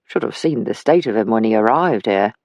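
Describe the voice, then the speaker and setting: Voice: medium pitch, animated, a little fast, a little mellow, dry recording, muffled recording, voice pushed down, natural voice. A narrator voicing an older working-class father who talks plainly and kindly in an audiobook. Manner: plain, homely speech. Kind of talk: audiobook character voice.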